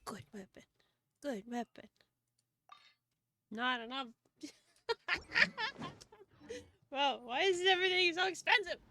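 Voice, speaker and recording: A woman's voice: extremely high pitch, sing-song, takes it slowly, long pauses, bright, forceful tone, a little hiss or hum. A woman streaming a game and chatting with her viewers, bubbly and giggly, swearing casually. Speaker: variety VTuber streamer.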